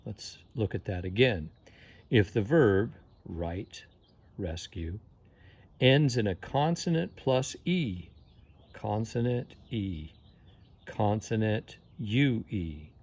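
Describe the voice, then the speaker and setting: A man's voice: on the low side, big pitch swings, slow pace, darkish tone, breathy edge. A man teaching English grammar, patiently spelling words out letter by letter and repeating each rule. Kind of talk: slow spelling-out lesson.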